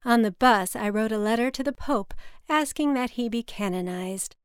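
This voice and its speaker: A woman's voice: on the high side, normal speed, smooth, no echo, studio quality, natural voice. Woman putting on a brash, brassy paranoid mother. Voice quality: brassy and blunt.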